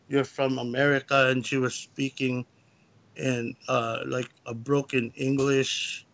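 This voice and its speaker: A man with a gravelly, creaky voice calls in to tell his story. He rambles and backtracks, in a casual, halting way. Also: medium pitch, sharp tone. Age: adult, lived in California. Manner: rambling, halting retelling of a personal encounter. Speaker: guest caller.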